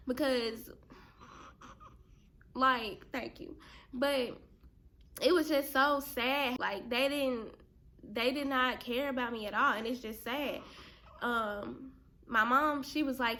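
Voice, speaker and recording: Young woman vlogger, fairly high, bright tone, chatty storyteller talking to her viewers. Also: unhurried. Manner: animated, chatty, addresses viewers as "girl" and "y'all". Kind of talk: casual storytelling to camera.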